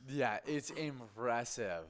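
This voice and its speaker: A man's voice: medium pitch, animated, slow. A man hosting a bingo livestream, chatting casually and reading out celebrity birthdays with many fillers and restarts.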